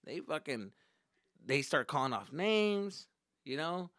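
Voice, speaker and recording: Bright-voiced young comedian telling stories. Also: male voice, on the high side, slow, no echo, clean studio sound. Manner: profane, animated, acts out quotes. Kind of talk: casual comedic storytelling.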